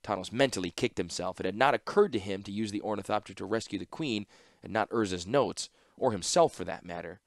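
A man narrating a fantasy story in audiobook style, steady and measured. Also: fairly low pitch, gravelly, no echo, studio quality.

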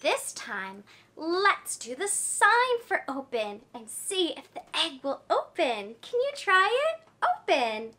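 Very high, sing-song woman teaching toddlers. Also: huge pitch swings, slow, pushed and bright. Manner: sing-song, exaggerated and encouraging. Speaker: children's educator. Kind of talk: toddler lesson, talking to the child.

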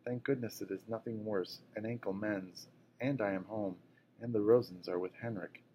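A gentle, worn-out mother with a hurt ankle talks in a soft, hushed way, as a man reading a storybook aloud puts her on. The voice sits low, with a faint hum of room noise behind. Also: fairly even intonation, normal speed, close to an everyday voice, low-quality recording. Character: injured, tired but brave mother, gentle. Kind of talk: audiobook reading.

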